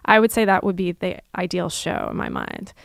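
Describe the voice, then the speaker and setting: A young adult woman, a musician, chatting casually and reflectively on a livestream, with frequent fillers and soft laughs. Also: lowish voice, wildly swooping pitch, moderate pace, gravelly, dry recording, clean studio sound.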